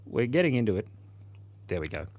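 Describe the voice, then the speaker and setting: A man's voice: lowish voice, big pitch swings, brisk, a little mellow. A man in his forties hosting a casual livestream, chatting playfully with viewers while he draws. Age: 40s. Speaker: livestream host.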